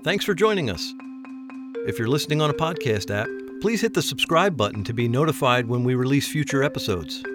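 A man, the podcast host, reading a scripted outro in a steady, friendly announcer manner. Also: medium pitch, fairly quick. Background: marimba music.

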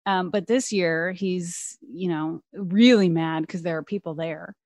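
A young woman co-hosting a casual podcast chat, retelling a story in lively detail and acting out the characters' lines. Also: on the low side, measured pace, no echo. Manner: animated storytelling with acted-out quotes. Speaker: podcast co-host.

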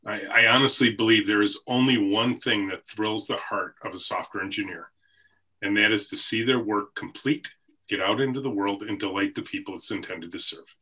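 A man's voice: fairly low pitch, a little fast, bright, forceful tone, breathy edge. A middle-aged man, a company CEO, guest on a podcast, talking reflectively and telling stories about his workplace. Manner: reflective, story-telling, occasional laughs. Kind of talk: conversational podcast interview. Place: office with a team room behind him.

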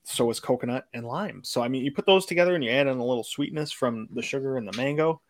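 Guy casually running a group food chat, laid back, average pitch. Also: fast. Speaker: podcast co-host.

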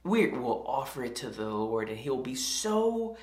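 A preacher voicing a boastful, cheerfully self-assured king during a sermon, pitching the voice up high and keeping it upbeat. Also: very animated, measured pace, a little mellow, roomy sound. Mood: smug. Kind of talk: acted scripture quote in a sermon.

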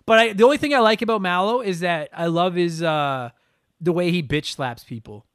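High-voiced man ranting about games. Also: fairly quick, fairly bright tone, clear, resonant tone, no room sound, clean studio sound. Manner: profane, ranting, exaggerated. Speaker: podcast co-host. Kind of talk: casual gaming podcast chat.

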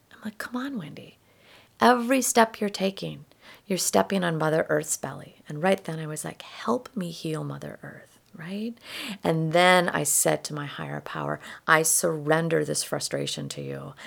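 A woman tells reflective personal stories in a low, heavily fried voice. She speaks softly and often sinks into a near whisper. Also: creaky. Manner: soft-spoken, drops into whispers. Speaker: spiritual storyteller.

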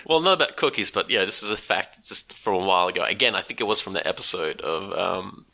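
Man, Australian accent, lower voice, very bright, animated, casual chat. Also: fast talker, creaky. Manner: animated, laughs often, acts out quotes in a high voice. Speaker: podcast co-host.

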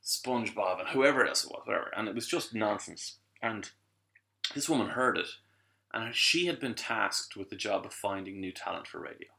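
A man's voice: lowish voice, moderate pace, vocal fry, bright, forceful tone. A middle-aged Irish man, a guest who is a voice actor and musician, telling a story in a casual podcast chat and acting out the people he quotes.

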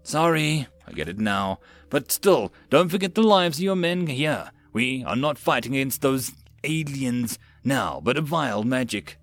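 A man's voice: medium pitch, expressive, a little slow, dry recording. A man playing a blunt non-human soldier. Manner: blunt, scolding.

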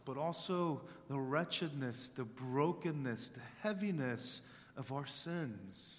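A male pastor preaching a sermon during worship, rising to loud proclamation on scripture and sinking to soft, low tones in reflection. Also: measured pace. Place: church sanctuary. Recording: long reverb of a large hall.

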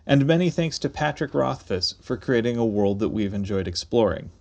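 A man's voice: mid-range voice, lively intonation, normal speed, creaky, darkish tone. A man co-hosting a podcast in casual chat, teasing and playful. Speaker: podcast co-host.

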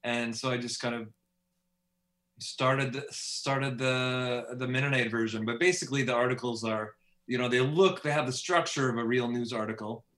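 A man's voice: mid-range voice, steady tone, moderate pace, fairly bright tone. A man from Canada, an author talking as a podcast guest in an easygoing way with light laughs. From Steinbach, Manitoba, Canada. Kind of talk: casual podcast interview. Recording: echoey room.

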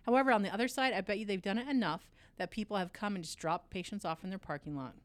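A woman's voice: mid-range voice, quick pace. A woman co-hosting a podcast, blunt and sarcastic, swearing freely in casual chat. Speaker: podcast co-host.

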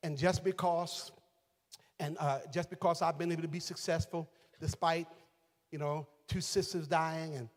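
A man a sermon as pastor, moving from quiet, reflective storytelling to shouted, sing-song calls to his congregation. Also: fairly high pitch, steady tone, normal speed. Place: large church sanctuary. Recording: long hall reverb.

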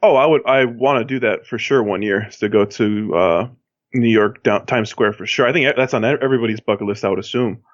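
A man's voice: fairly low pitch, a little fast, no echo. A man from Miami, a podcast co-host, talking in a loose, rambling way with lots of fillers and restarts. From Miami, Florida. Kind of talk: casual chat. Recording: dull lo-fi sound.

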